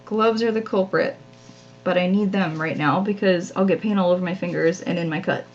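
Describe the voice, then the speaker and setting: A woman's voice: lowish voice, brisk, dull audio, slight background noise. A woman hosting a live crafting stream, chatting casually and self-deprecatingly with viewers as she works, often laughing at herself. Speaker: craft channel host.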